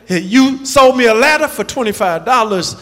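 Exasperated male customer, indignant complaining tone, voiced by a preacher, high and bright, in a reverberant hall. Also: animated, normal speed. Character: exasperated male bird buyer.

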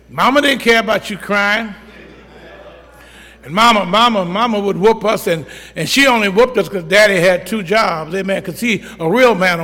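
A man's voice: sits high, bright, forceful tone, long reverb tail. A middle-aged man preaching a sermon, telling folksy stories and calling for amens from the congregation. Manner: storytelling, folksy, call-and-response. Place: church.

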